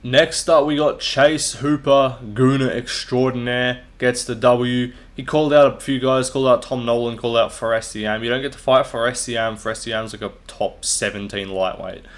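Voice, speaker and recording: A man's voice: mid-range voice, steady tone, normal speed, hardly any pauses. A young man hosting a casual solo recap of fight results, blunt, profane and mocking. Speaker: MMA commentator and channel host.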